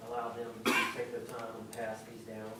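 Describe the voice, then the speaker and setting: A man acting as defense attorney, formally presenting exhibits to the court in a halting way. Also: fairly low pitch, completely flat delivery. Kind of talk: courtroom procedure. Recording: distant, echoey courtroom audio with noise.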